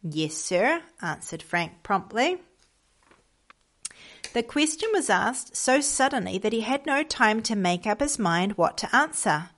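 In a gentle, measured reading, a woman shares a children's story with a moral, giving the characters small voices of their own. Her voice is a little high, with big swings in pitch.

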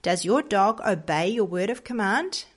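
A woman reading as a gently reproachful lady. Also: medium pitch, expressive, moderate pace, natural voice. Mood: coaxing. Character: earnest pious woman questioning a stranger.

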